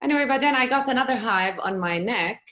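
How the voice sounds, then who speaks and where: A woman guest on a podcast telling a personal story in lively conversation and acting out the dialogue as she goes. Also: on the high side, rapid-fire. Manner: animated, acts out quoted dialogue.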